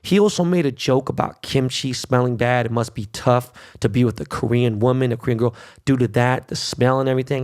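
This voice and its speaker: A man's voice: mid-range voice, a little fast, few pauses, a little mellow. A middle-aged man hosting his own podcast, ranting brashly and cursing a lot. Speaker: podcast host. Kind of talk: solo podcast rant.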